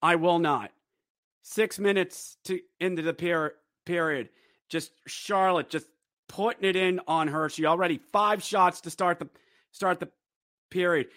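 Man, excitable hockey fan host, unhurried delivery, dry close sound, sarcastic. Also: sits high, no echo. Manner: excitable, shouts goal calls, sarcastic asides. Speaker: podcast host recapping hockey games. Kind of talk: animated fan game recap.

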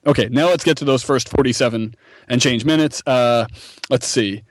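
A man's voice: medium pitch, normal speed, dry recording. A man hosting a casual sports podcast who teases his co-hosts and steers the conversation. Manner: playful, teasing, steers the talk. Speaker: podcast host.

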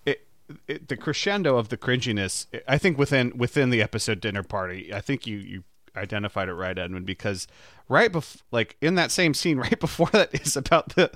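A man's voice: medium pitch, expressive, fairly quick, fairly bright tone, no room sound, studio quality. A man co-hosting a podcast, retelling scenes with enthusiasm and laughing mid-sentence. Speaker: podcast co-host. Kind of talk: casual chat.

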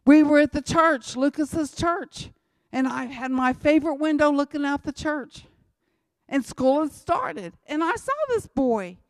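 Woman, church testimony speaker, emphatic and repetitive, slightly high, dry mic. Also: expressive, unhurried, dry recording. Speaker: missionary speaker.

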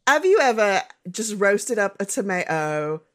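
Slow-talking giggly woman. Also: medium pitch, very animated, a bit bright. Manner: drawn-out, giggly. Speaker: podcast co-host. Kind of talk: casual chat.

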